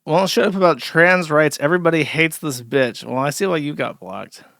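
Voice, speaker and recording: Gravelly, sardonic male streamer. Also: a little high, normal speed, fairly bright tone, dry recording, studio quality. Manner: sardonic, rambling with restarts. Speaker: streamer host. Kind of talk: casual live-stream commentary.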